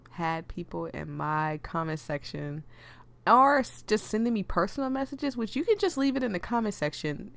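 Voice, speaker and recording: A young woman with a deep voice and a slight lisp, chatting casually and laughing as she plays a visual novel. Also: creaky. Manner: chatty, laughs often, ranting. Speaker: game streamer. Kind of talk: casual let's play commentary.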